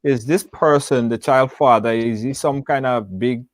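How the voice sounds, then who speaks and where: A man hosting a live show, asking halting, hesitant questions. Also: medium pitch, no room sound.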